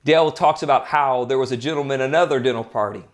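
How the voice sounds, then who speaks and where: A man's voice: mid-range voice, fast. A man hosting a podcast who gives an earnest, emphatic motivational talk and tells anecdotes. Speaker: podcast host.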